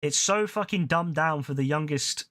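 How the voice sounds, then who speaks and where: Young man, British accent, fairly high voice, casual profane rant, streamer. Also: normal speed, dry recording. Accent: British English. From England. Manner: ranting, swears often, laughs loudly. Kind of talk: casual gaming stream chat.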